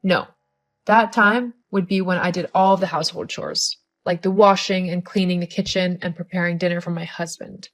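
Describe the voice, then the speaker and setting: A woman's voice: lowish voice, fairly even intonation, normal speed, lightly acted. A woman voicing a condescending older mother-in-law who nags and scolds in a scripted story. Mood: scolding. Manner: condescending, nagging.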